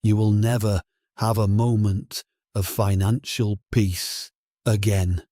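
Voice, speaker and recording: A man voicing a dignified older former judge who speaks in a measured, quietly cutting way. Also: lowish voice, fairly even intonation, dry recording, clean studio sound. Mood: cold, quiet.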